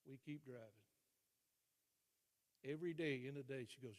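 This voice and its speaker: Older male speaker, mid-pitched voice, storytelling to an audience, reverberant hall. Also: normal speed. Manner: storytelling, acting out dialogue, dropping to quiet emphasis. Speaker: guest speaker. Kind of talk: motivational storytelling speech. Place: large hall.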